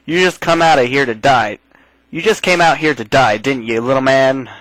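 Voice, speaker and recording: A man's voice: mid-range voice, moderate pace, fairly bright tone, no room sound, natural voice, poor audio. A man voicing a scheming goblin boss, reading game dialogue aloud in a mocking, gloating way.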